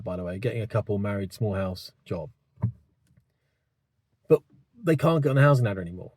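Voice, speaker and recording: A man in his fifties who hosts his own channel speaks in a lowish, mellow voice, recorded with studio quality and no room sound. He rambles through his opinions, thinking aloud and often asking whether it makes sense.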